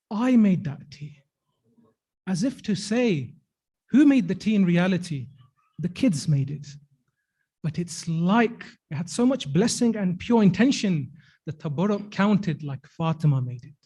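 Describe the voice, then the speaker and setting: A man's voice: high-pitched, darkish tone. A man with a British accent giving a sermon, telling a story with quoted dialogue in an earnest, emphatic way and asking rhetorical questions. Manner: asks rhetorical questions to the audience. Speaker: speaker at a religious gathering.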